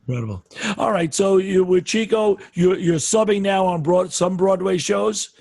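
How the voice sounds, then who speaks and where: A man with a fairly high, husky voice hosts a casual interview. He nudges the story along and offers brief, encouraging interjections. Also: a little mellow. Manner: supportive, quick interjections. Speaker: interviewer host. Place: home, video call.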